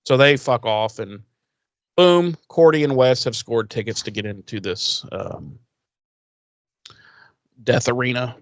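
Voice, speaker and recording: A man's voice: medium pitch, unhurried, long pauses, dry recording. A podcast co-host man recapping a TV episode in rambling casual chat, acting out the characters' lines and swearing freely.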